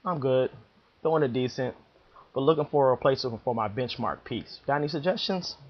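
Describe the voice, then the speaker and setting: A man's voice: medium pitch, a little fast, breathy edge. A man voicing a laid-back male league bowler who talks casually with hesitant fillers, on a dull lo-fi recording.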